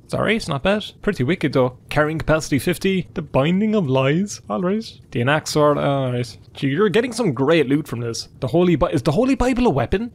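A man's voice: on the high side, a little hiss or hum. A man giving joking, sarcastic gameplay commentary. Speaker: gaming YouTuber.

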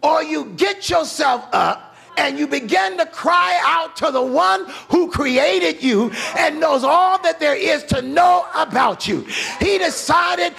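Preacher guy going hard in a sermon, real high voice, gravelly, shouting. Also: lively intonation, slow pace. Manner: preaching with fervor, calls and repetition. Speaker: pastor.

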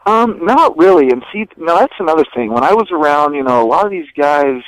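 A man talking as a guest on a podcast, relaxed and casual, cursing freely between lots of fillers. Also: on the high side, a little fast, dry recording, rough recording. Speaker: documentary director, guest.

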